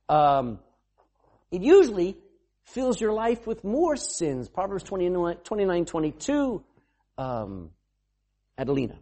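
Male pastor mid-sermon, husky voice, pitch rising and falling freely, quizzes the room. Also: sing-song, unhurried, long pauses. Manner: calls on readers and questions the congregation; bursts into shouting for emphasis.

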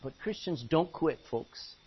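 A man's voice: a little high, lively intonation, a little slow, slightly rough, dull audio. A man preaching a sermon in an emphatic way, repeating phrases and calling out for amens.

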